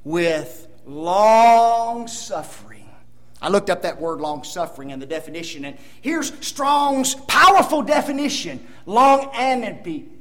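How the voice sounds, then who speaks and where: A male preacher delivering a sermon, emphatic, firing rhetorical questions at the congregation and swinging between loud emphasis and hushed asides. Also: high voice, big pitch swings, moderate pace, hardly any pauses.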